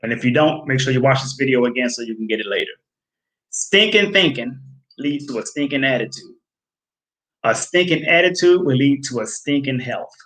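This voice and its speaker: A man's voice: medium pitch, animated, normal speed, a bit bright, poor audio. A man hosting a health video, lecturing his viewers in a preachy, emphatic way, repeating key phrases and calling them folks. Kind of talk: preachy direct-to-camera talk.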